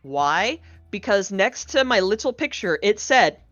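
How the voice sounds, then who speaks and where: Chatty woman telling lively anecdotes. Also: medium pitch, unhurried, no room sound, highs cut off. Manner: animated storyteller, acts out quoted people. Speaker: guest, game co-developer. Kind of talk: casual podcast chat.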